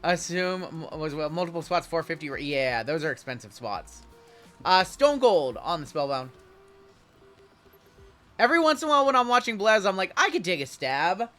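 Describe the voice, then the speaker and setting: A man's voice: fairly high pitch, very animated, moderate pace, fairly bright tone, faint music behind. A man hosting a live card break, chatting with viewers as he calls out cards and spots. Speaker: sports card break host.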